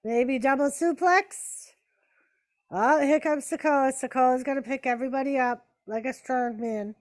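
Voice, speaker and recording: A woman hosting a casual live-stream watch party speaks unhurriedly in a voice that sits high. She's chatty, answering chat, narrating the action and talking to her pets.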